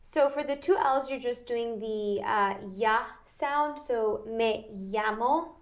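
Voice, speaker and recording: A woman's voice: on the high side, slow pace. A woman tutor giving patient, short explanations and affirming with frequent mm-hmms. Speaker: language tutor. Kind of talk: casual explanation.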